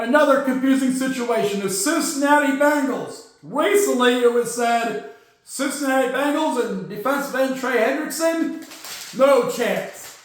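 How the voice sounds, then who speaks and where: A man with a very high voice hosts a football news podcast, sarcastic and jokey as he rants. His voice rings in a very echoey room. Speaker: podcast host. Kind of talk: casual football news rant.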